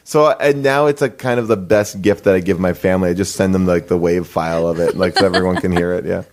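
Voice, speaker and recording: A man's voice: sits low, fast talker. A man in his thirties, a comedian guest in an interview, telling stories in a rambling way with lots of "like" and frequent laughs. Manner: rambling, many "like" fillers, laughing often. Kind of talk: casual interview storytelling.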